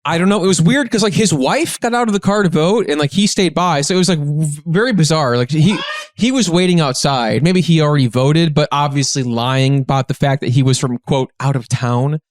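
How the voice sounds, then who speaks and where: A man, a guest comedian, telling a story in casual podcast chat, rambling and animated with lots of filler words. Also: a little high, a little fast, no echo, clean studio sound. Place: living in a big city.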